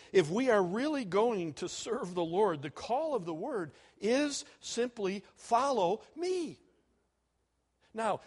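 A man delivers a sermon to a room of students. His voice sits a little high and moves all over the place in pitch. He acts out the people he quotes, swinging from a hush to a shout. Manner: animated, acts out quoted speakers with big swings in volume. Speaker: preacher.

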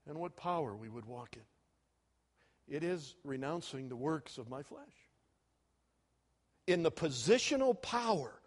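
Guy preaching to students, kinda high voice that jumps all over, gets loud then drops soft. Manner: animated, swings loud and soft, chuckles at own jokes. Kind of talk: sermon.

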